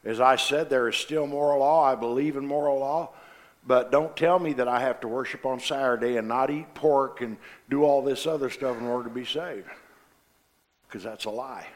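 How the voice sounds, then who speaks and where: A man preaching a sermon, passionate and forceful, dropping to quiet asides between loud declarations. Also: medium pitch, moderate pace. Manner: impassioned, swings from loud to quiet.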